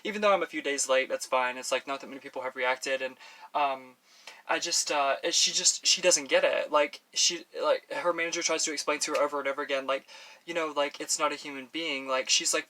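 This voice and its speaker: Chatty bright-voiced man rambling to camera. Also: fairly high pitch, moderate pace. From Texas. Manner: chatty, rambling with many restarts and fillers. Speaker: beauty vlogger. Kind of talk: casual chat while doing makeup. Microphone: professional audio on camera.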